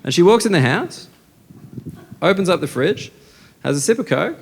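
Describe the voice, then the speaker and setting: A man with an Australian accent performing a stand-up set, telling crude stories with deadpan asides on a club stage. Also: sits high, moderate pace, creaky. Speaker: stand-up comedian. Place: comedy club stage with audience. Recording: live club recording, noisy with laughter.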